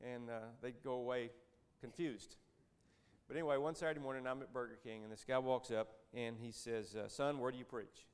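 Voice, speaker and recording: A man in his fifties with a medium-pitched voice gives a church talk as a lay speaker. He tells his stories in a relaxed, folksy way and drops in dry, joking asides. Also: fairly quick, clean tone. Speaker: Christian businessman speaker.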